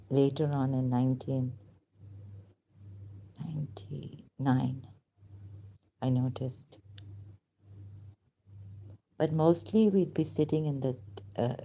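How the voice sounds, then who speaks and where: Woman in her fifties, vlog host, slow and low-pitched, wandering storyteller who keeps losing her words. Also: mellow, slight background noise. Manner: meandering, searching for words, many fillers, laughs and apologizes often. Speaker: channel host. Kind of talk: rambling personal storytelling to camera.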